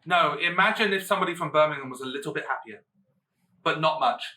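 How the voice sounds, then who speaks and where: Enthusiastic bright-voiced man podcaster. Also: a little high, quick pace, distant mic, rough recording. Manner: enthusiastic, hesitant fillers then gushing. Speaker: co-host. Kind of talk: casual podcast chat.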